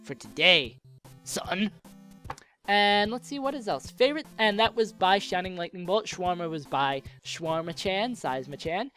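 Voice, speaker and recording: A man's voice: sits high, moderate pace, few pauses, a bit bright. Young man, casual gamer Q&A chat, rambling and jokey, getting a sore throat, faint music behind. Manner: rambling, joking, self-interrupting. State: coming down with a cold, sore throat. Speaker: YouTuber answering viewer questions. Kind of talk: casual Q&A chat while playing a game.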